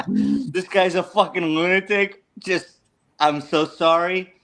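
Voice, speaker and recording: An American man in a loose, casual chat with a slightly high voice. He tells stories crudely and with plenty of animation. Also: slow, a bit bright. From United States. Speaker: host.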